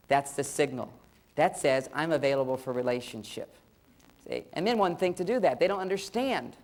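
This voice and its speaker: Middle-aged guy doing a funny relationship seminar, chatty, talks right at the crowd, acts out what couples say. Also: a little high. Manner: animated, acts out spouses' lines in quoted voices; conversational, addresses listeners directly. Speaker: relationship lecturer. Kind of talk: humorous seminar talk to a live audience.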